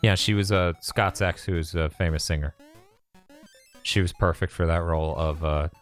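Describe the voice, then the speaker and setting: A man's voice: sits low, steady tone, moderate pace. A man co-hosting a casual gaming stream, joking around, laughing often and reading chat messages aloud while he plays. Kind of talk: casual chat over gameplay. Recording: game music underneath.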